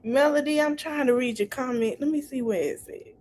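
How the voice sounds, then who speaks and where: A woman's voice: sits high, fairly quick, darkish tone, a little hiss or hum. A woman hosting a casual livestream chat, teasing and laughing while greeting viewers by name. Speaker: livestream podcast host.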